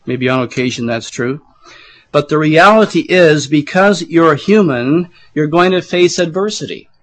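A middle-aged man preaching a sermon while losing his voice, often clearing his throat, with chatty asides to the congregation. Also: fairly high pitch, low-quality recording. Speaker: pastor.

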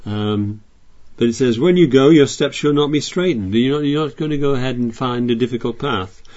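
A man's voice: medium pitch, normal speed, darkish tone, muffled recording. A man preaching a sermon, reading scripture aloud and explaining it in a chatty way with frequent restarts.

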